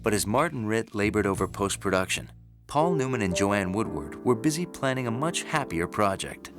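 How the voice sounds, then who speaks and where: A man narrating a film history documentary in a measured, scripted storytelling style. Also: on the low side, expressive, music in the background.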